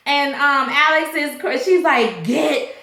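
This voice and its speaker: A woman casually recapping a TV episode, slangy and animated, laughing and acting out the characters' lines. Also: sits high, moderate pace. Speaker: TV episode reviewer. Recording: echoey room.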